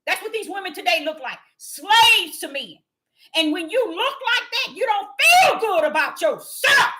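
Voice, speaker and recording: A woman preaching an impassioned sermon, calling out to her listeners and swinging from low murmurs to loud cries. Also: very animated, moderate pace. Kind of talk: fiery street sermon.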